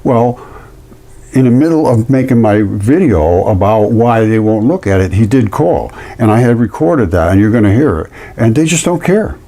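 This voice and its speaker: A man's voice: lowish voice, normal speed. A man talking indignantly in a casual vlog while showing specimens, repeating himself as he tells the story. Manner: indignant, repetitive, animated storytelling. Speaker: amateur fossil presenter.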